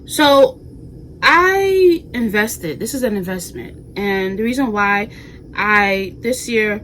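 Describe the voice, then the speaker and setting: A woman's voice: mid-range voice, takes it slowly, slight background noise, poor audio. A woman in her twenties from New York, chatting casually and animatedly to viewers in a home vlog. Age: 20s. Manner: animated, sassy, talks straight to viewers with slang. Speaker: vlogger. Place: bedroom at home.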